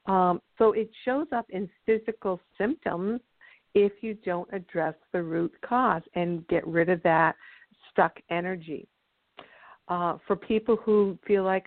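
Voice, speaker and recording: A woman's voice: fairly low pitch, normal speed, no echo. A woman guest speaker explaining ideas earnestly and telling a story in a teaching manner. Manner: earnest, teaching, acts out quotes. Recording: tinny dry phone line.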